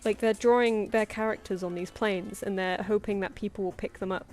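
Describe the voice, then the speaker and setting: A woman's voice: mid-range voice, fairly even intonation, brisk, darkish tone. Young woman, casual streamer chat, anecdotal and giggly, faint music underneath. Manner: chatty, anecdotal, laughs often, acts out quoted voices. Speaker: artist streaming live commissions.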